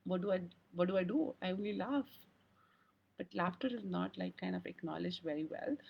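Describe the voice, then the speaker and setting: A woman speaks earnestly in a rambling live-stream talk, often laughing as she goes. Her voice sits a little low and has a breathy, husky edge. The recording sounds dull and lo-fi. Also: moderate pace. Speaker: host.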